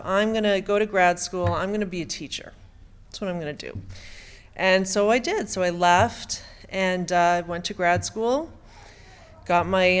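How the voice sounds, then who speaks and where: A middle-aged woman giving an emotional personal testimony, halting and often restarting her sentences. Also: fairly low pitch, clean tone. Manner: halting, with frequent stammered restarts.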